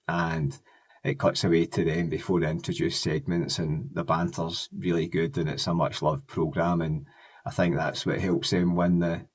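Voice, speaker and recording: Chatty man with a lowish voice. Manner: chatty, rambling, enthusiastic. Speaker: music and pop culture vlogger. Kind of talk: casual nostalgic retrospective.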